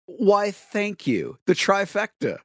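Playful unhurried man, dry sound. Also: sits high, lively intonation, no echo. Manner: playful, mock-proud quips. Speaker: podcast co-host. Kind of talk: casual comedic chat.

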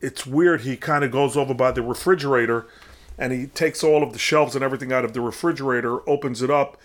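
A man's voice: medium pitch, fast talker. A man casually recapping a film, rambling on with frequent restarts and fillers.

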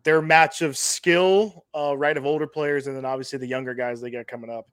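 A man's voice: mid-range voice, steady tone, a little fast, fairly bright tone, clear, resonant tone, dry recording, clean studio sound. A man hosting a podcast, chatting casually about sports and reading out funding news, often repeating himself. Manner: hesitant, repeats himself, reads lists of funding rounds. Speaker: podcast host.

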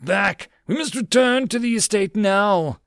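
A man's voice: high voice, animated, measured pace, vocal fry, fairly bright tone, no echo, clean studio sound, voice pushed up, heavily acted. Snappy bossy lord barking orders, a man putting it on, raised voice. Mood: furious. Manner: curt, commanding. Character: hot-tempered growling male lord. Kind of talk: audiobook character voice.

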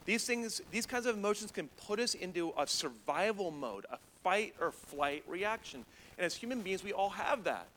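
Male pastor, sermon delivery; bright, lively, comedic storyteller who slips into mini-scenes. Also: sits high, moderate pace, a little hiss or hum. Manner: animated, comedic, acts out scenes with voices.

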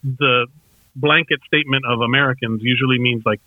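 A man's voice: medium pitch, steady tone, brisk, no room sound. Man, casual chat, rambling, swears freely, dry close sound. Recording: tinny phone-like sound.

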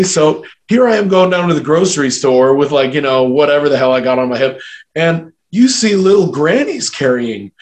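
A man co-hosting a podcast, telling stories in a profane, animated way. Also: a little high, a little fast. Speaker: podcast co-host. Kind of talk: casual storytelling chat.

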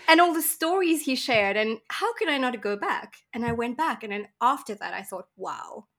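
A woman from Mauritius telling lively stories as a guest in a casual interview, acting out the people she met. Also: on the high side, normal speed. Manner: animated storyteller, acts out voices and laughs often. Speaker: podcast guest.

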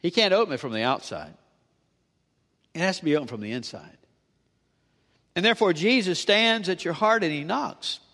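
Male pastor, high voice, animated sermon, church reverb. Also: normal speed, pauses often. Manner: animated preaching, rising and dropping emphatically. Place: church sanctuary with long reverb.

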